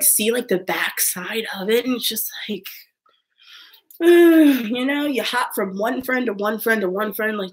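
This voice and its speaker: A young woman hosts a live stream and chats with her viewers in a loose, rambling way. Her voice sits a little high, and she fills her talk with "like" and breaks into quick laughs. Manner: chatty, rambling, heavy use of "like", frequent laughs. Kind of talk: casual live-stream chat reading viewer comments.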